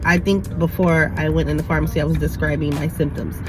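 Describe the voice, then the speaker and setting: A woman's voice: low voice, flat delivery, fairly quick, music in the background, poor audio. Sick woman vlogging, short of breath. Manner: rambling, chatty, talking while driving and walking. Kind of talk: casual vlog chat. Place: in a car, then indoors at home.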